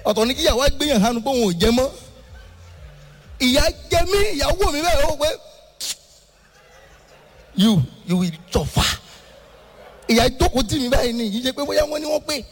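High-voiced Nigerian comedian shouting on stage. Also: male voice, fast talker, pauses often, long reverb tail, soft background music. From Ibadan, Nigeria. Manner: animated, switches between shouting and sing-song delivery. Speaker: stand-up comedian. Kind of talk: stand-up comedy.

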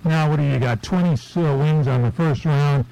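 A man's voice: a little high, brisk, creaky, dark tone, no echo, low-quality recording. Brief: male sports radio host, folksy and casual, leads into breaks.

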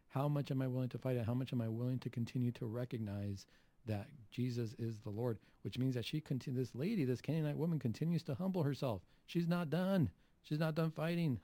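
A man preaching a Catholic homily, asking rhetorical questions and acting out the Gospel quotes with lively emphasis. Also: mid-range voice, normal speed, no room sound.

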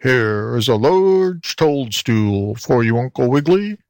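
A man's voice: mid-range voice, sing-song, slow pace, darkish tone, no room sound, studio quality. A man voicing an obliging toad in a storybook, speaking in a grunting manner. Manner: grunting, plain. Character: gruff obliging male toad. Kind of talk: storybook reading.

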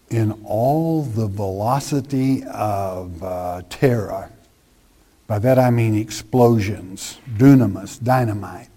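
A man delivers a sermon at a deliberately slow pace, talking to his listeners in a plain, conversational way. When he reads scripture he leans into it with strong emphasis. His voice sits at an ordinary middle pitch. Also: dark tone. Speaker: preacher.

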